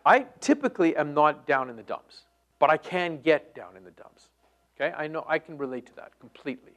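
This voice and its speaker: A middle-aged male preacher delivers a sermon with a lively, swinging pitch. He pushes key phrases out loudly and then drops to a near-whisper. His voice sits a little high for a man. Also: fairly quick. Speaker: pastor.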